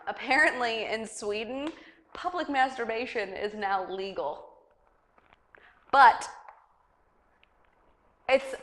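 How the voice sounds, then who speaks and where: A woman's voice: medium pitch, fairly bright tone. A young woman hosting a casual news chat show, rambling and giggly, with lots of fillers. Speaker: talk show host.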